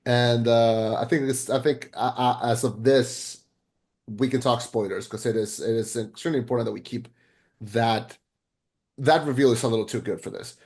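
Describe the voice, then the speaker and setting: A man co-hosting a podcast, chatting casually and excitably about a film, rambling with frequent restarts and casual swearing. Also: mid-range voice, normal speed. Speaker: podcast co-host. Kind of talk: casual film review chat.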